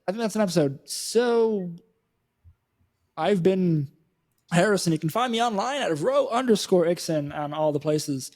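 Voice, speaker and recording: A man hosting a casual gaming podcast, sounding upbeat and easygoing. His voice sits a little higher than most men's. He talks in a chatty, self-deprecating way. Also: lively intonation, normal speed, a little mellow. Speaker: podcast host.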